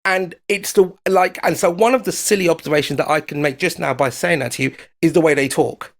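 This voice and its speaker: British guy, gravelly, keen on agreeing, loose chat. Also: a little high, brisk. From United Kingdom. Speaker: foreign correspondent. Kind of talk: casual chat.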